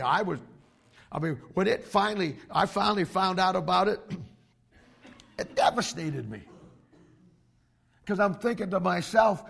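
A male pastor preaches with emphatic, animated force, often restarting his sentences as he presses a point. His voice sits a bit high for a man and carries a strong gravelly rasp. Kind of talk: sermon to young ministry students.

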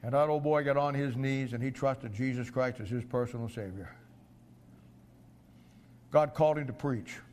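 An older man preaching a sermon, swinging from quiet storytelling to loud shouted climaxes. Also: normal speed, long pauses. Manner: rises to shouting climaxes, drops low for storytelling.

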